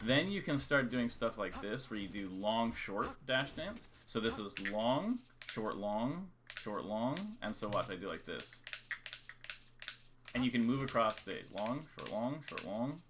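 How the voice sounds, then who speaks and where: A man's voice: lowish voice, lively intonation, a little slow, noisy background. A man coaching a student in a live-streamed game lesson, talking casually and counting out rhythms over and over. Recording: keyboard clicks and typing behind. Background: keyboard clicks and typing.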